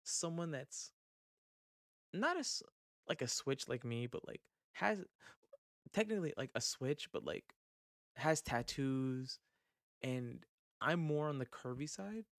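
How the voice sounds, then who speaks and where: Man, podcast host, mid pitch, loose rambling talk, swears freely, very dry close sound. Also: expressive, takes it slowly, pauses often, dry recording. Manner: rambling, swears, trails off into fillers. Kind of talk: casual chat.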